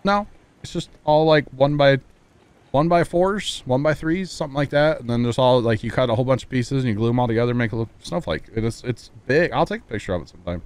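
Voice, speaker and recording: A man's voice: mid-range voice, fast talker, clear, resonant tone. A man streaming a game live, chatting casually and thanking viewers, easygoing and reflective. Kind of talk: casual livestream chat.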